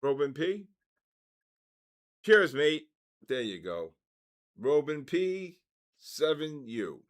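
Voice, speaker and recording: A man hosting a casual livestream, calling out giveaway numbers and names and exclaiming excitedly over the winners. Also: on the high side, slow pace, long pauses. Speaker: livestream host running a giveaway.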